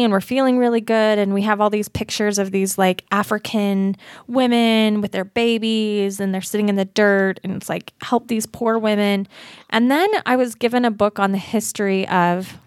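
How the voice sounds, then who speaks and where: A woman's voice: mid-range voice, no echo. Earnest woman advocate in a dry interview. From Utah, USA. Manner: earnest, reflective, self-critical. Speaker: guest, advocate.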